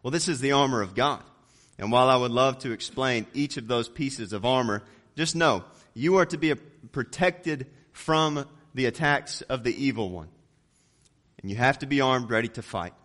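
A man delivers a sermon at normal speed, reading from scripture. He builds to loud, emphatic peaks, then drops his voice low on key words.

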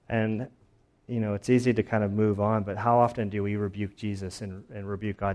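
A man's voice: fairly low pitch, level tone, a little fast, a little mellow. A young adult man preaching a sermon in a casual, conversational way, with plenty of fillers and little acted-out quotes. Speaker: pastor.

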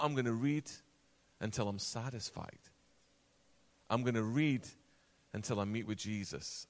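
A man preaching a sermon, animated, acting out quoted voices, and dropping to a soft, low voice for emphasis. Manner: acts out quoted voices and asides.

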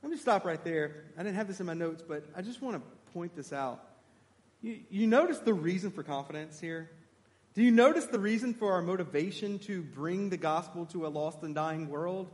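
A man preaching a sermon, animated and emphatic, putting questions to his congregation. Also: sits high, normal speed, big-room sound.

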